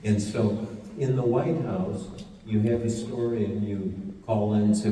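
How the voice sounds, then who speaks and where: A man's voice: on the low side, steady tone, normal speed, warm tone, far from the mic, a little hiss or hum. An older man, a journalist, telling a story with dry humor at a live public talk. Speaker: journalist and panel speaker. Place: event hall with audience. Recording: echoey hall recording from afar.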